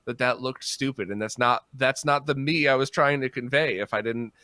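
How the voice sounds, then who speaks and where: Bright-voiced man, reflective podcast guest. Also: moderate pace, dry recording. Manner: reflective, acts out quoted reactions with big pitch jumps. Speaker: guest, musician who performs gigs. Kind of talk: casual podcast conversation.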